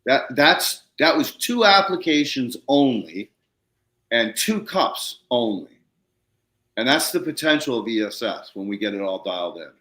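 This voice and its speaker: A man hosting a podcast, telling a story in casual conversation, excitable and swearing casually, acting out quotes in a raised voice. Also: medium pitch, a little slow, echoey room. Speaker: podcast host.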